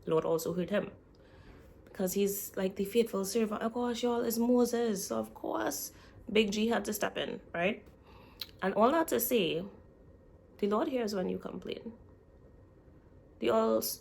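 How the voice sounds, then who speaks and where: Chatty woman with a gravelly voice. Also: medium pitch, a little mellow. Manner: chatty, talks straight to viewers as "y'all". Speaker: vlogger. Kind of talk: casual chat.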